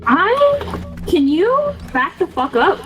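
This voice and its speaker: A young woman streaming a game with friends, yelling and swearing melodramatically. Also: sits high, lively intonation, fairly quick, loud music behind the voice. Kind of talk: casual gaming stream banter.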